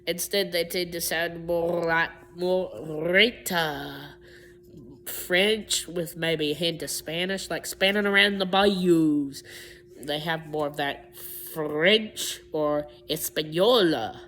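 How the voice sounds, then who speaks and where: Woman, unscripted explainer talk, slow, rambling, restarts often, faint hum behind. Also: lowish voice, fairly bright tone. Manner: rambling, with frequent restarts and self-corrections. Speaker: vlogger explaining accents.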